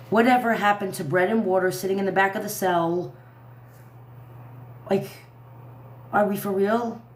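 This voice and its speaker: A woman giving a heated, profane commentary rant on a livestream, repeating herself as she vents. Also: medium pitch. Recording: echoey room.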